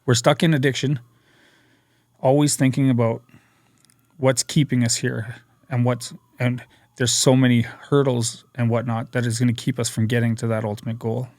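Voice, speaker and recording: A man telling his recovery story as a podcast guest, earnest and energetic, acting out what people said. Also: medium pitch, moderate pace, dry recording. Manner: energetic, earnest storyteller who acts out quotes. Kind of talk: personal storytelling interview.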